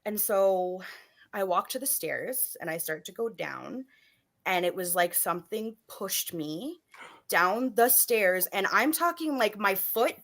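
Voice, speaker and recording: A woman in her thirties, a podcast guest, telling a story in a casual, animated way with many fillers. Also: mid-range voice, a little slow. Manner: animated, filler-heavy, acts out voices in quotes.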